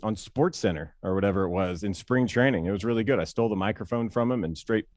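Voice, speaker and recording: A man being interviewed as a guest, telling stories in a playful, animated way with frequent laughs. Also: lowish voice, fast, no room sound. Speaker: guest, former pitcher and broadcaster. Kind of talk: casual interview storytelling.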